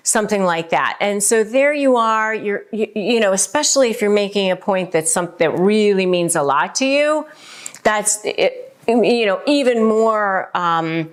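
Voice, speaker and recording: A woman's voice: medium pitch, animated, measured pace. A woman hosting a casual advice video who talks to camera in a conversational way, with many fillers. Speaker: host giving relationship advice.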